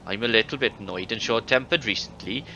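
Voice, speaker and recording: A short-tempered villager. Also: male voice, on the low side, fast, vocal fry, pushed and bright. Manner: weary, slightly irritable. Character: harried male villager, short-tempered brother. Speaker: game character. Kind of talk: video game voice acting. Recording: dull game audio with faint hiss.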